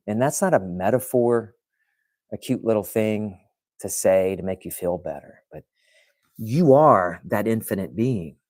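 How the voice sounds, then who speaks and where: A man talks loosely to his live audience as host of his own podcast, often restarting his sentences and answering comments from chat. His voice sits on the low side. The sound is dry and close, with no room echo. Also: a little mellow. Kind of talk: casual livestream talk to viewers.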